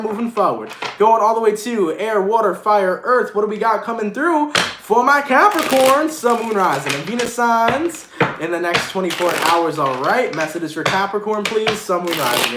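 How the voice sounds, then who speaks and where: Slangy, high-voiced man reading tarot live. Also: roomy sound, noisy background. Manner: casual slangy banter, swears, acts out mocking voices. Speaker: tarot reader.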